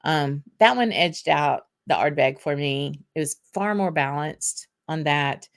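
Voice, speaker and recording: Slow, low-voiced Southern woman chatting. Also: lively intonation, vocal fry. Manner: chatty, drawling, with frequent ums and laughs. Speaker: host of a whisky livestream. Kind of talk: casual chat reading viewer comments.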